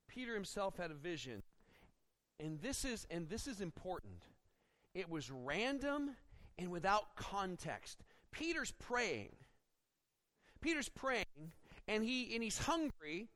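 Male pastor, higher voice, expository sermon with acted asides. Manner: expository preaching with acted-out quotes; animated, rising when dramatizing.

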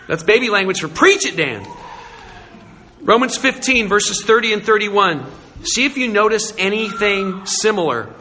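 Pastor guy preaching, high bright voice, casual and joking but punchy, echoey church with faint background hum. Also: lively intonation, measured pace, long pauses. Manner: conversational and emphatic, with humor. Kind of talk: sermon. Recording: echoey hall with faint ambience.

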